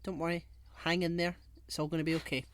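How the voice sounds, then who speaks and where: A man's voice: fairly high pitch, level tone, fast talker, fairly bright tone. A man co-hosting a casual podcast chat, joking and rambling. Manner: jokey, rambling, laughs at own jokes. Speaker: podcast co-host.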